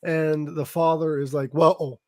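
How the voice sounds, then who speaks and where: A man's voice: on the high side, moderate pace, darkish tone. A man hosting a podcast, giving a loose, profane, casual recap of a film, full of fillers like "um" and "like". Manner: loose, profane retelling with frequent fillers and laughs. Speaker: podcast host.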